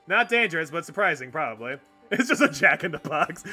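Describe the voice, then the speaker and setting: A man's voice: sits high, a little fast, pushed and bright, soft background music. A man streaming a video game, reading the dialogue aloud and joking, swearing and laughing often. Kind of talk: let's play commentary.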